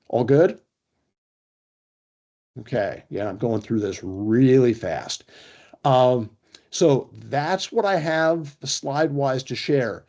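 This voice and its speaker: A man leading an online workshop over a video call. He tells stories at a quick clip, often breaking in with fillers and restarts. His voice sits in an ordinary middle pitch. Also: a little mellow. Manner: brisk, storytelling, with fillers. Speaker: presenter.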